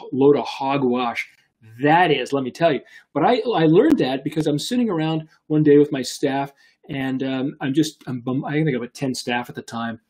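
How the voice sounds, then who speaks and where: A man in his fifties, a business coach hosting a live show, telling a story in a chatty, animated way with many fillers and restarts. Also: medium pitch.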